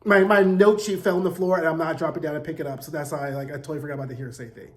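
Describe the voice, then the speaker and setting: A man's voice: fairly high pitch, fairly even intonation, rapid-fire. A man in his forties giving a casual recap of a TV episode, sassy and profane, peppered with "like" and "right?". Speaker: TV recap host. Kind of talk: casual review commentary.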